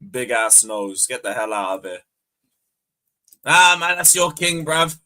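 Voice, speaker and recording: A young man hosting a fan livestream, bantering loudly, swearing and taunting viewers. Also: mid-range voice, expressive, measured pace. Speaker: fan channel host. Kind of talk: casual livestream chat.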